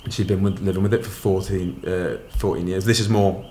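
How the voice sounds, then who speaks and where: Man, middle-aged, very deep voice, candid storytelling, roomy echo. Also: flat delivery, brisk, warm tone, slight background noise. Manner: candid, matter-of-fact storytelling. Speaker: podcast guest. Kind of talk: casual storytelling interview.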